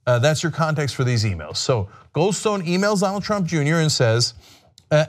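A man's voice: medium pitch, very animated, moderate pace. A man giving sarcastic political commentary in a mocking manner.

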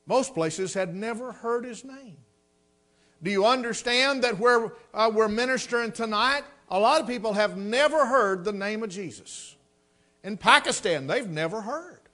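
A man's voice: high-pitched, a bit bright. A man preaching a sermon, telling folksy stories and rising to emphatic exhortation.

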